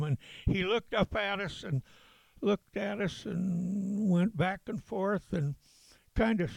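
An older man, a veteran, recalling events in a halting storytelling way with chuckles. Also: sits high, vocal fry, darkish tone, dry recording, low-quality recording. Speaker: veteran interviewee. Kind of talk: oral history recollection.

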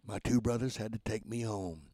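A man in his nineties, a former voice actor, telling lively stories in a radio interview and acting out the voices. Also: fairly low pitch, moderate pace, dry recording. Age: 90s. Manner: lively raconteur who acts out voices and laughs at his own jokes. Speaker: guest, voice actor and motivational speaker.

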